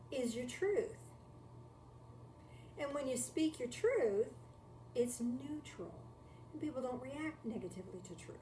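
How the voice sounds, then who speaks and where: Warm in tone and fairly high in pitch, a woman delivers a live-streamed spiritual talk from her home. This spiritual teacher stays reflective and conversational, leaning on repeated key phrases and rhetorical questions, while the distant mic catches room echo and faint noise.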